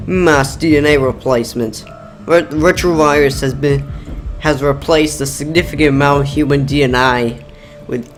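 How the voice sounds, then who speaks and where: A man's voice: medium pitch, close to an everyday voice. A man reading game text aloud in a put-on, strange accent, like a mock-dramatic announcer.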